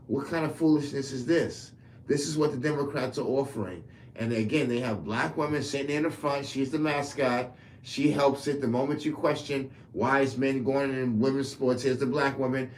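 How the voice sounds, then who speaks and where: A man's voice: medium pitch, moderate pace, slight background noise. Heated profane man ranting. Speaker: commentator. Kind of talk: political rant to camera.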